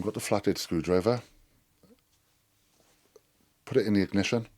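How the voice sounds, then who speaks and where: Middle-aged man, low voice, lively cheeky storyteller with a salty mouth. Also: normal speed. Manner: animated, sweary storyteller. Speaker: podcast guest. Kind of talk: storytelling anecdote.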